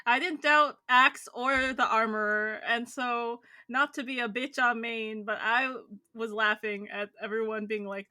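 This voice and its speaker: A woman co-hosting a podcast talks in a wry, teasing way and mimics what others said. Her voice sits a little high and sounds bright. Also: fairly even intonation, unhurried, hardly any pauses. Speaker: podcast co-host. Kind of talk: casual chat.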